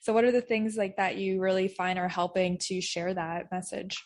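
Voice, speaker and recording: A woman's voice: mid-range voice, fairly even intonation, moderate pace. A woman hosting an interview, affirming her guest and asking open questions. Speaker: podcast host. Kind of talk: interview conversation.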